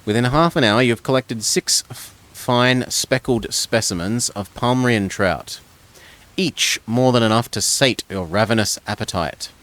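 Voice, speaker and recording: A man's voice: mid-range voice, a little slow, a bit bright. A man reading a gamebook aloud in second person, stumbling over words now and then and dropping casual asides. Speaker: gamebook reader.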